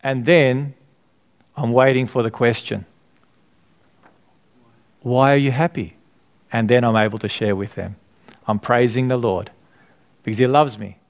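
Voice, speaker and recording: A man's voice: mid-range voice, fairly even intonation, unhurried, pauses often. A middle-aged man preaching a sermon, earnest and conversational, often asking the congregation to fill in his words. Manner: asks the congregation questions to fill in. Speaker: pastor.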